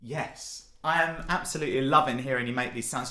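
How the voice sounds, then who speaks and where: A man leading an online singing warm-up, encouraging and cheerful, often breaking into loud demonstration sounds. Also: medium pitch, brisk, reverberant. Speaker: singing workshop leader. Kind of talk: online vocal warm-up session.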